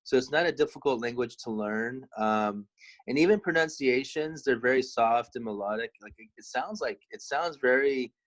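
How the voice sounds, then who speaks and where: A man in his thirties in casual podcast chat, relaxed and rambling with many fillers. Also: mid-range voice, moderate pace, poor audio. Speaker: podcast co-host.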